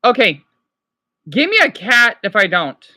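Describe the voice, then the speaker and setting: Woman streamer, high bright voice, chatty reaction talk to chat. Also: very animated, measured pace, no echo. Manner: chatty, answers viewers' comments aloud. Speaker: livestreamer. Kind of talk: casual livestream chat, reacting to a video.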